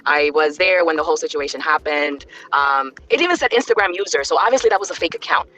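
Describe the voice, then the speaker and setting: A woman's voice: sits low, expressive, fast talker, a bit bright, low-quality recording. A woman from New York calling into a live stream, chatty, with hesitant starts. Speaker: caller. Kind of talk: call-in chat.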